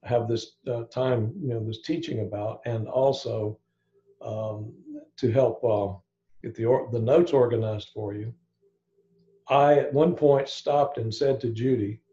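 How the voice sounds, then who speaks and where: A man's voice: medium pitch, steady tone, unhurried, dark tone, highs cut off. A man giving an informal evening Bible study, thinking aloud with frequent restarts and asides.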